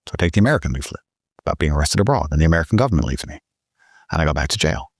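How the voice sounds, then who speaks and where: A man's voice: rumbling low, rapid-fire, husky, dry recording, studio quality. A man telling a story casually, indignant and swearing often. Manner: profane, indignant, animated. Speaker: guest storyteller.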